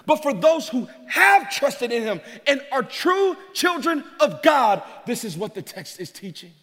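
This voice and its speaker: A middle-aged male pastor preaching a sermon, animated and joking, laughing often as he tells stories. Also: extremely high pitch, unhurried. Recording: reverberant hall.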